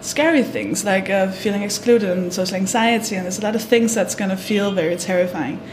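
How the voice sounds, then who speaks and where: A woman's voice: mid-range voice, fairly quick, reverberant, noisy background. A woman hosting a podcast interview, playful and teasing, laughing often while asking questions. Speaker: podcast host. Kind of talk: casual interview conversation.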